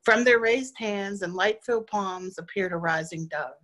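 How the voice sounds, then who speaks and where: A woman at a spiritual service recites her rhyming poem in a measured, rhythmic reading. Her voice sits at a middle pitch for a woman, and her tone is unhurried and storytelling. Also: a bit bright. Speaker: guest speaker. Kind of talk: poetry recitation.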